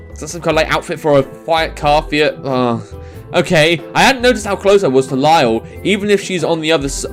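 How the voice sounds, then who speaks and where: A young man reading a visual novel aloud and joking about its misspellings, stumbling and restarting over garbled words. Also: on the high side. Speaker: let's-play commentator.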